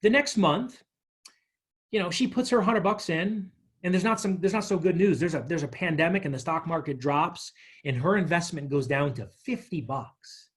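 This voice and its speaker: A man with a slightly husky, fairly high voice leads a money workshop. He talks in a lively, conversational way, walking through workbook examples and telling small stories to make each point. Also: moderate pace. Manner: energetic, chatty, tells stories with acted quotes. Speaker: financial literacy workshop presenter.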